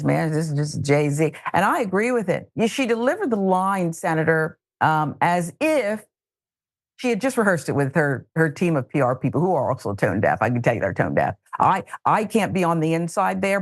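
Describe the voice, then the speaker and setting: A woman's voice: lowish voice, creaky, no room sound, studio quality. A woman with a Southern American accent hosting political commentary, sarcastic, exasperated and emphatic. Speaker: host.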